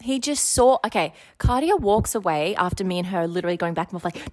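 A woman co-hosting a podcast, telling stories excitably and acting out quotes. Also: fairly high pitch, brisk, few pauses. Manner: excitable storytelling, acts out quotes. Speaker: podcast co-host. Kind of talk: casual chat.

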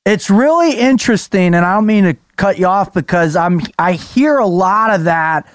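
A man's voice: high voice, expressive, moderate pace, dry recording, clean studio sound. A man hosting a conversation, asking probing questions and reflecting on what he hears. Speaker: podcast host. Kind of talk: interview conversation.

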